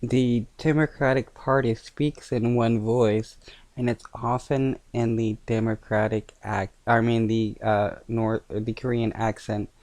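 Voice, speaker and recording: A man reacting to a news clip in casual commentary, scoffing and talking haltingly with many fillers and restarts. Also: mid-range voice, flat delivery, darkish tone, no echo.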